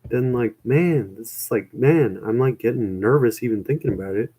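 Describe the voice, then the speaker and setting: A young man talking in a loose, rambling way, tossing "man" and "dude" into nearly every line. His voice sits at an everyday middle pitch, and he chats casually with people watching, poking fun at himself as he goes. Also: normal speed, warm tone, husky, low-quality recording. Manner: rambling, self-mocking, full of "man" and "dude". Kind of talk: casual chat reacting to chat.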